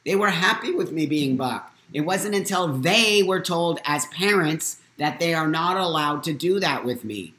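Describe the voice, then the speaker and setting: A man's voice: fairly high pitch, animated, unhurried, few pauses. Emotional man in his fifties, echoey room. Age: 50s. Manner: emotional, emphatic, swings from loud to hushed. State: near tears at times. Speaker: host. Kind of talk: live-stream monologue.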